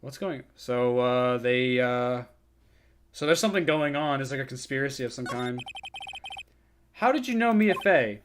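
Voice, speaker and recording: A man's voice: mid-range voice, expressive, moderate pace, slight background noise, voice pushed down, close to an everyday voice. A man voicing an earnest young male defense attorney from a game, in a plain, lightly exasperated read. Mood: puzzled. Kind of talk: reading game dialogue aloud.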